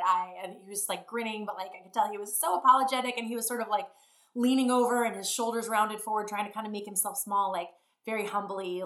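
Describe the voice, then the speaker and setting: A middle-aged woman tells a rambling story and jumps between sidebars. Her voice is bright and forward. The room around her is echoey. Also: medium pitch, fast talker. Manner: rambling, animated, acts out quotes. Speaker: fitness business founder. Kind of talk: casual storytelling.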